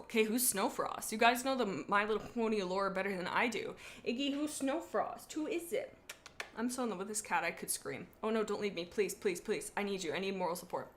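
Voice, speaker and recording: Young female streamer, mid-range voice, bubbly and giggly, wanders off on tangents while reading aloud. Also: medium pitch. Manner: excitable, giggly, rambling tangents. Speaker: streamer reading fan fiction. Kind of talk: casual live-stream reading.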